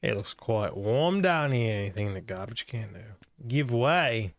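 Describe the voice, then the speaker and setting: Tired, low-voiced man playing a game. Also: lively intonation, measured pace, few pauses, dry recording. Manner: tired, mumbling, swears offhand. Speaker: gaming streamer. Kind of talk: casual let's-play commentary.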